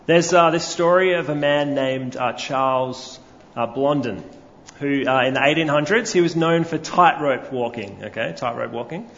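A man's voice: mid-range voice, normal speed, fairly bright tone. A man preaching a sermon, telling a story and putting questions to his congregation. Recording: lo-fi recording with long hall reverb.

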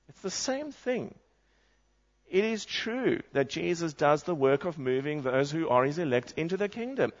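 Earnest preacher, muffled sound. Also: male voice, on the high side, expressive, measured pace. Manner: earnest, reads scripture aloud and asks the congregation questions. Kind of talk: sermon.

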